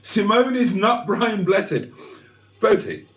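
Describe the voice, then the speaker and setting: A man hosting a livestream, chatting to viewers in a rambling, wry, self-mocking way and clearing his throat often. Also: mid-range voice, lively intonation, unhurried. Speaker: livestream host. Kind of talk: rambling casual chat to viewers. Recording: roomy sound, mic at a distance.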